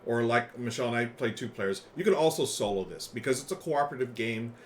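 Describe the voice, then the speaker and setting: A man co-hosting a relaxed game-night stream, chatting and laughing easily with his partner and the viewers. His voice sits at an ordinary middle pitch, with faint noise in the background. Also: quick pace. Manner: chatty, laughing, talks with mouth full. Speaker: game show co-host. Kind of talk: casual livestream chat.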